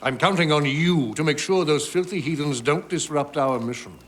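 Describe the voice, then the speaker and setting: A man's voice: a little high, normal speed, slight background noise, natural voice. An actor playing a haughty male villain commander, cold and commanding. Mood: scornful.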